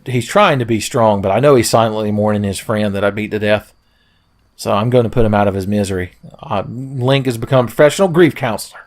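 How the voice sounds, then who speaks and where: A man hosting a let's play, giving profane, sarcastic, joking commentary. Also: medium pitch. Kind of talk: gameplay commentary.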